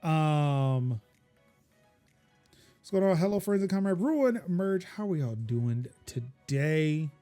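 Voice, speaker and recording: A man's voice: fairly high pitch, lively intonation, slow, dark tone, faint music behind. A man hosting a tech podcast in casual chat, jokey and self-deprecating. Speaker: podcast host.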